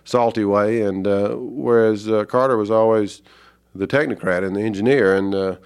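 A man from Georgia with a Southern accent, an author talking as an interview guest, thoughtful and halting with many fillers. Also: fairly low pitch, steady tone, a little mellow, clean tone. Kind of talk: reflective interview talk.

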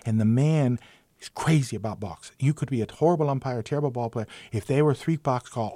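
A man's voice: medium pitch, a little fast, mellow, no echo. An older man, a retired umpire, telling baseball stories in an interview, acting out the people he quotes with big jumps in his voice and a self-mocking humor. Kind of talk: anecdotal storytelling in an interview.

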